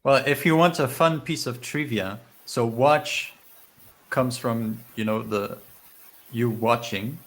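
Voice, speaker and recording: Slow, measured man sharing trivia. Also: medium pitch, fairly bright tone, rough recording. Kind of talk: casual chat.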